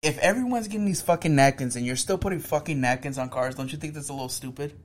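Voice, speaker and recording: A man in casual chat who jokes and swears freely, cutting in with quick remarks. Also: fairly high pitch. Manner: joking, heavy swearing, quick interjections.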